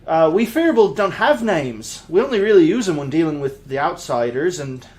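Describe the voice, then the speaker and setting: A man voicing a huge, gentle, pacifist male firbolg paladin in a put-on rustic folk accent, friendly and bumbling. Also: on the high side, lively intonation, moderate pace, natural voice. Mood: amused. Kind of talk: in-character introduction.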